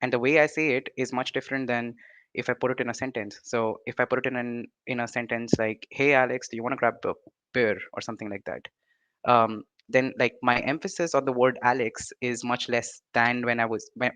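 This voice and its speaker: The speaker is a young man presenting an online lecture with an Indian accent, his medium-pitched voice level and fairly bright, with no room sound. Halting and full of fillers and restarts, he tends to close his points with "right?"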